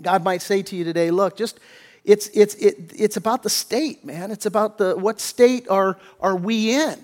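A man with a high voice delivers a sermon from the pulpit, pressing his points hard and often restarting mid-phrase. He swings from loud emphasis down to a hushed near-whisper in tender moments. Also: moderate pace. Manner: emphatic preaching with many restarts, voicing biblical figures in quotes. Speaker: pastor.

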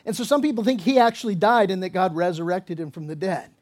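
Casting note: high-pitched male pastor, chatty sermon delivery, jokey asides. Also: expressive, quick pace, a little mellow. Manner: casual, conversational preaching with asides and acted-out dialogue. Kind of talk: expository sermon.

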